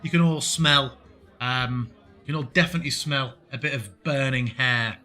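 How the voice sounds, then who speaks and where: A man's voice: mid-range voice, steady tone, normal speed, bright, forceful tone. A man narrating a tabletop game as game master, descriptive and full of fillers. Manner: descriptive, with frequent fillers and restarts.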